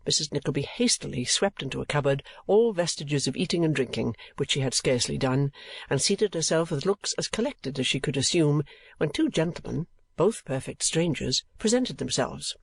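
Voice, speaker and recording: A man narrating a classic novel in a measured, expressive voice that sits a bit higher than most men's. The sound is dry and close, with no room at all. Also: vocal fry, breathy edge, no room sound. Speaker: audiobook narrator.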